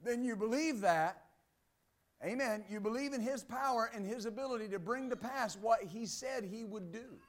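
High-voiced pastor preaching with emphasis. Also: male voice, normal speed. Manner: emphatic, repeats "Amen" and "believe that"; reads scripture aloud, then explains it. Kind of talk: sermon.

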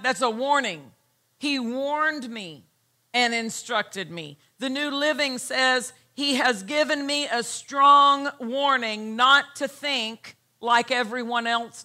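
Slow, bright-voiced woman preaching. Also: sits high. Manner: emphatic, repeats key phrases, reads scripture slowly. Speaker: pastor. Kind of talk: sermon. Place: church.

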